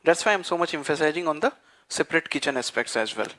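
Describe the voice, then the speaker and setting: A man teaching a class, dictating notes and repeating phrases slowly so students can write them down. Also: fairly high pitch, animated, sharp tone. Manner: frequent fillers like "what you call" and "okay". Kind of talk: dictated lecture.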